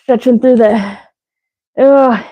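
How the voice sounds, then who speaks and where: A woman's voice: on the high side, steady tone, takes it slowly, muffled recording. A woman leading a live workout as fitness instructor, counting reps and cueing stretches while out of breath. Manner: counting reps, breathy and winded between cues.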